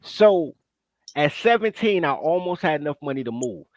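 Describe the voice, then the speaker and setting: A man telling a long personal story in casual podcast chat, animated and profane, acting out the people he quotes. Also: on the high side, normal speed, no echo.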